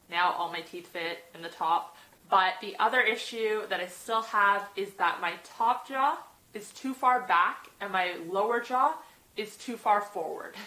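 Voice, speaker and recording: A young woman talks to her camera in a casual vlog, at an ordinary middle pitch. A slight lisp from fresh braces blurs some of her words. Nervous sighs and small laughs fall between her phrases. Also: bright, forceful tone, roomy sound, rough recording. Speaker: vlogger.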